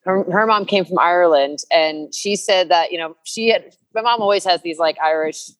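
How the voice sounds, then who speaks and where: A woman with a notably low speaking voice talks through a personal story in an interview. She rambles earnestly, circling back with fillers and restarts. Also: normal speed, low-quality recording. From New Jersey, USA. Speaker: musician guest. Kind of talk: candid interview conversation.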